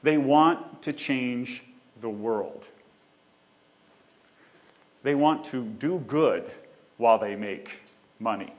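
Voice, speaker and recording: A man's voice: medium pitch, takes it slowly, pauses often, lo-fi sound. A man giving a conference talk on a theater stage, joking with the audience and walking as he speaks. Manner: joking, animated, walks while speaking.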